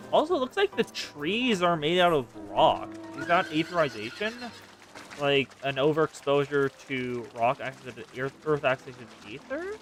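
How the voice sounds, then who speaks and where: A man commenting casually on his own gameplay, talking to himself, swearing, and swinging between loud exclamations and quiet mutters. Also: fairly high pitch. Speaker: game streamer.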